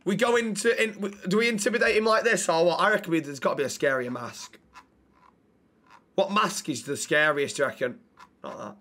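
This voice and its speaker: A man's voice: sits high, fairly quick, bright, forceful tone. A young man streaming a role-play game, chatting casually and swearing freely. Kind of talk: casual role-play and chat shout-outs.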